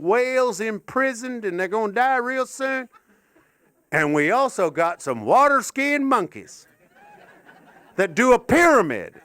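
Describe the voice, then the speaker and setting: A man hamming up a brash seventies ad pitchman. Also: fairly bright tone, clear, resonant tone, no room sound, clean studio sound, heavily acted. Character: 1970s male TV ad pitchman, brash.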